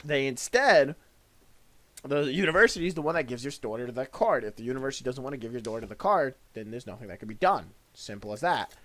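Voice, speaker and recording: A man with a mid-range voice talks quickly while hosting a casual talk show. He's an animated storyteller, recounting customer service tales and loudly acting out furious callers.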